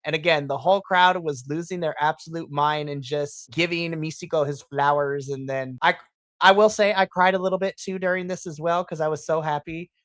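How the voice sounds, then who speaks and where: A podcast host recapping a wrestling show in casual chat, excitable and profane, acting out their own reactions. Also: mid-range voice, fairly quick, no echo.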